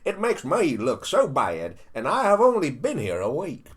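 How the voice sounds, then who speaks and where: Man putting on a brash older politician, low and loud, whiny, lively swings in pitch. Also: normal speed, husky, full character voice. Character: blustering brash American president, male, older.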